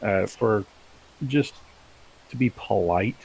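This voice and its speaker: A man's voice: fairly low pitch, slow pace, vocal fry, darkish tone, breathy edge, poor audio. A man as a player, hesitantly describing what his character does. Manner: hesitant, lots of fillers.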